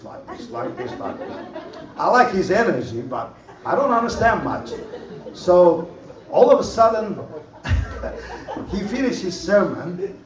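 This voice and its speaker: A man giving an animated personal testimony at a church conference, in broken English. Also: fairly high pitch. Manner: animated storytelling, broken English, laughs often. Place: conference hall. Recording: roomy hall, far mic, dull lo-fi, faint noise.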